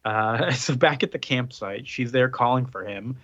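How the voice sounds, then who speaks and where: A man's voice: medium pitch, moderate pace, fairly bright tone, dry recording, dull audio. A man hosting a casual podcast chat, recapping a comic plot loosely with lots of fillers. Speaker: podcast host.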